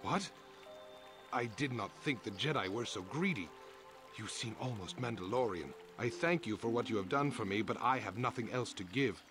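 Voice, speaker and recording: A man's voice: medium pitch, expressive, moderate pace, over music, lightly acted. An actor voicing a proud, resentful male character in a video game, speaking formally. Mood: reproachful. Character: grateful adult male alien, proud and bitter.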